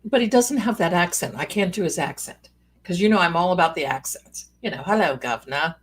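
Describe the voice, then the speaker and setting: A woman's voice: fairly low pitch, animated, a little fast, slightly rough. A woman hosting a live stream in casual chat, a chatty, rambling storyteller with playful asides who calls her viewers pet names.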